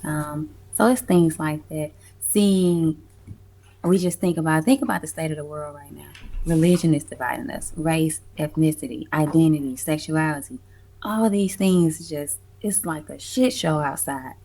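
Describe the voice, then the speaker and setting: A woman talking about her music events in a casual, expressive interview, slangy and swearing freely. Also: deep voice, normal speed. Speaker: music event curator, guest.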